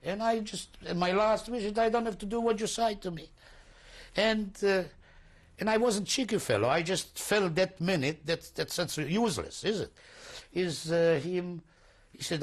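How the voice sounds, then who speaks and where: An older man recounting his memories in an oral history testimony, speaking halting, broken English and often searching for words. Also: fairly high pitch, expressive. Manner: non-native English, broken grammar. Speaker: interviewee.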